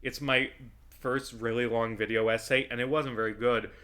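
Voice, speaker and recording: A man with a bright, forceful voice gives loose, rambling commentary while he plays a video game. He swears a lot and drifts from easygoing chat into fired-up rants. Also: medium pitch, fairly even intonation, moderate pace. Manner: rambling, profane, swings into heated ranting. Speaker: vlogger playing a video game. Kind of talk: casual gameplay commentary.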